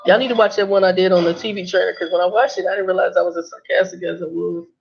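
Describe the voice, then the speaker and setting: A woman's voice: on the low side, rapid-fire, vocal fry, faint music behind. A woman truck driver telling stories in a casual vlog, blunt and sarcastic. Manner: sarcastic, blunt, animated storytelling. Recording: dull lo-fi recording.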